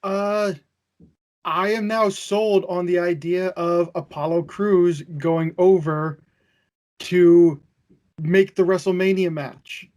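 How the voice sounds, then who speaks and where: A man's voice: sits high, steady tone, slow pace, a little mellow. A man on a wrestling panel, speaking bluntly and emphatically in casual chat.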